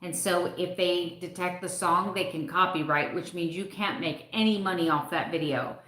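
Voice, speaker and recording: A woman's voice: lowish voice, normal speed, a bit bright, reverberant. A middle-aged woman hosting a live stream, chatting casually with viewers and telling personal stories with raw emotion. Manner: candid, emotional storytelling.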